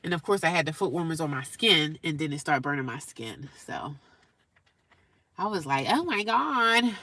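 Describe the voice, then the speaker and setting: Bright, emphatic woman talking in her car. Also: deep voice, normal speed. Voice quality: emphatic, talkative, calls listeners honey. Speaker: vlogger living in her car. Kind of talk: casual vlog chat to viewers. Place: inside a parked car at night.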